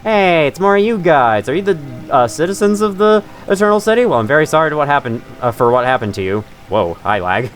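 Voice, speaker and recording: A man's voice: on the high side, big pitch swings, fairly quick, few pauses, faint music behind. A man giving rambling, chatty gameplay commentary, laughing often and talking to enemies on screen. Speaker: gaming channel host.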